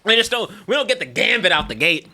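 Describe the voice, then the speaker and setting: A man's voice: high voice, very animated, fast, pushed and bright. A man co-hosting a casual podcast chat, laid-back and rambling with lots of fillers. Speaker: podcast co-host.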